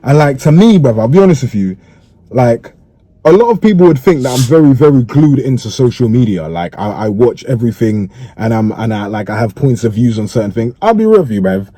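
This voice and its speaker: Dark-voiced man, laid-back slang. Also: medium pitch, big pitch swings, a little fast, no room sound. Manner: laid-back, peppers speech with slang and "you get me" checks. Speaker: interviewee in a played clip. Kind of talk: casual interview talk.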